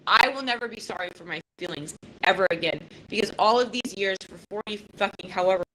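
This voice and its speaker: Podcast host, woman in her fifties, bright and tense, blunt and swearing, emotional. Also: mid-range voice, quick pace, a little hiss or hum, low-quality recording. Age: 50s. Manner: raw, emotional and profane, with many restarts. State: close to tears. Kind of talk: casual live podcast talk.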